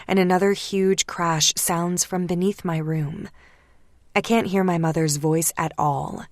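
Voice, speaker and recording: A woman reading a first-person romance audiobook, hushed and slipping into whispers at tense moments. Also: fairly low pitch, no echo, studio quality. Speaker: audiobook narrator.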